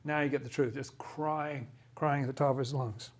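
A man giving casual Bible commentary, animated and acting out the characters in the story. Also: mid-range voice, normal speed. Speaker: Bible study host.

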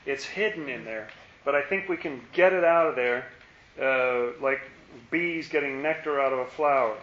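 A man's voice: mid-range voice, moderate pace, fairly bright tone. A man leading an informal Bible study, thinking aloud and asking rhetorical questions. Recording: roomy, dull lo-fi recording.

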